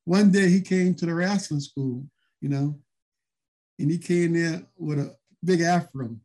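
A man's voice: fairly high pitch, measured pace, darkish tone. A man, a former wrestler, telling stories casually in an interview, rambling with many fillers.

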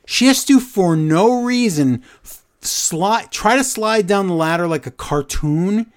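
Animated man recapping matches. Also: sits high, unhurried. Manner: animated storytelling, quotes lines in voices. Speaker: podcast co-host. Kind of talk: casual recap chat.

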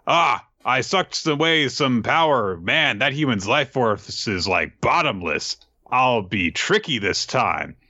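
A man voicing a scheming male fog demon in a casual manga recap, speaking higher and excitedly. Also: slow pace, hardly any pauses, no echo, highs cut off, full character voice. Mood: gloating.

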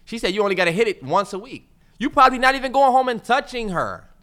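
A man's voice: very high voice, fast talker. A man co-hosting a casual podcast, talking animatedly in bursts, cutting in over his co-host and putting on voices for effect. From United States. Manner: animated, talks over others, mock voices and yelling bursts.

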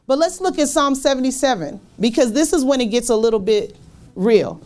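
A woman's voice: high voice, expressive, brisk, a little mellow. A woman pastor preaching a sermon in church, repeating her phrases and putting questions to the congregation.

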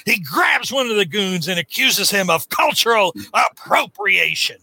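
A high, very bright and sharp male voice recorded close and dry. He talks casually with lively swings in pitch, mocking and sarcastic, and now and then shouts out a character's line. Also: unhurried, vocal fry, slightly rough, no echo. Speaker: comic book podcast host. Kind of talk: casual comic review chat.

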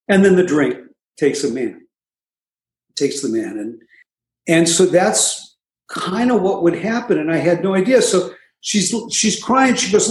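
A man casually telling his recovery story, with wry, self-mocking humor and frequent asides. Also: a little high. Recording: echoey room.

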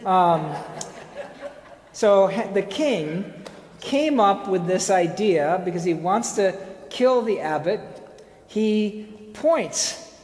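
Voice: mid-range voice, animated, slow pace, long pauses, darkish tone. Wry lecturer in an echoey hall. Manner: conversational, wry asides, frequent fillers and restarts. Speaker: speaker giving a presentation. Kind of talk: informal lecture with slides and a told parable. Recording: echoey hall with long reverb.

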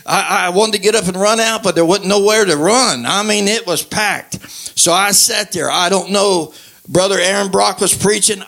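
A man's voice: high-pitched, vocal fry, sharp tone. A man telling his church testimony in a fervent, emphatic way, often close to tears. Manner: fervent, emphatic storytelling with repeated exclamations.

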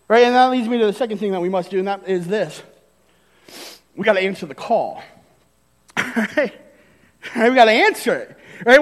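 A pastor preaches a sermon in a church hall, emphatic and animated, often tagging points with "right?" and short laughs between them. His voice sits high, his pace is moderate, and he pauses often, with a long reverb tail behind him.

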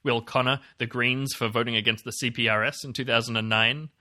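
A man's voice: mid-range voice, flat delivery, fairly quick, pushed and bright. A man co-hosting a podcast, rambling in casual chat with lots of fillers and the odd swear word. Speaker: podcast co-host.

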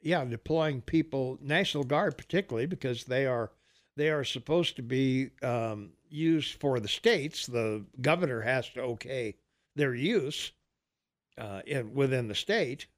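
A man's voice: medium pitch, measured pace. An older man hosting a talk radio show, rambling through political banter with lots of fillers and easy laughter.

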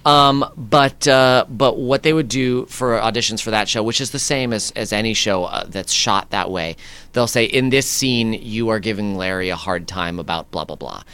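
Smooth-voiced man telling a lively story. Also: on the low side, moderate pace. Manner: lively anecdotes with acted-out quotes and laughs. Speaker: actor guest. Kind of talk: animated storytelling in conversation.

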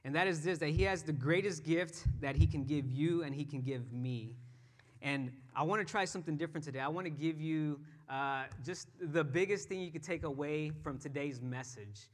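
A man's voice: on the high side, moderate pace. A man giving a sermon as pastor, telling a personal story in a conversational way with frequent fillers and restarts.

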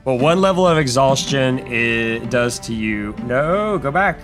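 A man runs a tabletop game as game master, talking in a rambling way with many restarts. His voice rises and falls in a lively way, with faint music under him. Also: mid-range voice, unhurried. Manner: rambling, laughing, lots of restarts.

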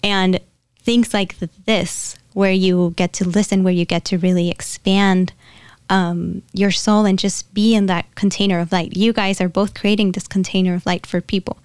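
A woman in a casual channeling session, chatty and prone to giggles, her speech loose and full of fillers. Her voice sits at an ordinary middle pitch. The recording is dry, with no room sound around her. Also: steady tone, moderate pace, darkish tone, smooth, dry recording. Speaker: spiritual medium.

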